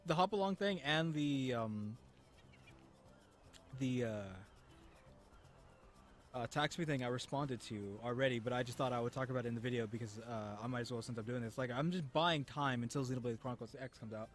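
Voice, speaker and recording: A man's voice: mid-range voice, a little fast, faint music behind. A man casually rambling through gameplay commentary as a gaming YouTuber, chatty and full of restarts.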